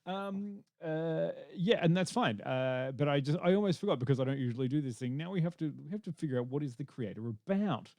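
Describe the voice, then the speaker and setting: A man's voice: fairly high pitch, expressive, a little fast, hardly any pauses, a little mellow, no room sound. A man hosting a casual podcast chat, joking and laughing often, rambling with fillers. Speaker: podcast host.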